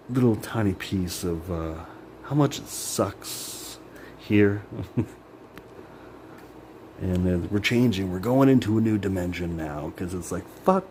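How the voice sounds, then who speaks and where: A vlogger vents in an emotional, bitter personal monologue, rambling, swearing and saying "like" constantly. His voice is lowish with a darkish tone, and there's slight background noise.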